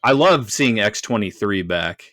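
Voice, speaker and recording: A man with a lowish voice gives relaxed, blunt opinions in a casual film review podcast. He swears offhandedly. His recording is dry, with no room around it. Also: unhurried, no room sound. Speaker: podcast co-host. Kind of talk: casual movie review chat.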